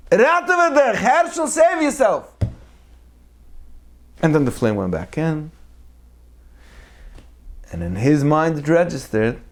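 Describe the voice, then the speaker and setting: Male teacher, mid-pitched, lively storytelling sermon; acts out characters. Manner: animated storyteller who acts out the people in his tales. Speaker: Torah teacher. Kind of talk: weekly Torah talk with storytelling.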